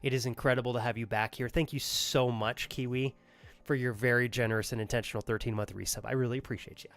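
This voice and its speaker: A man's voice: mid-range voice, level tone, racing, fairly bright tone. A young adult man streaming a game live, chatting casually and earnestly thanking viewers by name. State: out of breath.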